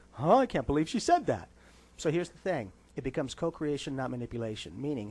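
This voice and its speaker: A man with a medium-pitched voice, sitting in as a psychic guest on a radio talk show. He talks with easy confidence and slips into other people's voices when he quotes them. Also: darkish tone.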